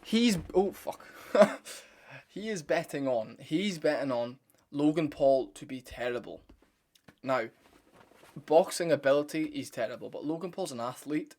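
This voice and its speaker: A man's voice: medium pitch, normal speed, a little mellow. A young man hosting a fight-sports channel, giving a blunt, opinionated breakdown to his viewers. He rambles, restarts sentences and swears casually. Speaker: MMA commentary channel host.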